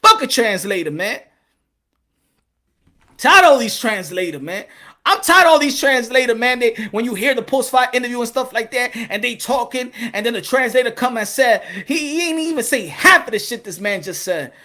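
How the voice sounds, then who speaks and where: A man ranting about boxing in an animated, profane style, breaking into hype-man shouts. His voice is high and bright. He laughs often between points. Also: normal speed. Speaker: boxing vlogger. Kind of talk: animated boxing commentary rant.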